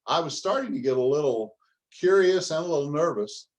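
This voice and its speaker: A man's voice: fairly high pitch, animated, fairly quick, poor audio. Folksy older man telling a story. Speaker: business coach. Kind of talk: motivational storytelling talk.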